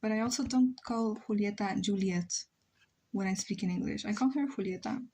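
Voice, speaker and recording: With a dark, mid-range voice at normal speed and a faint hiss or hum in the audio, this Spanish-accented woman, a native Spanish speaker, streams live as she draws, talking casually and musing aloud as she rambles.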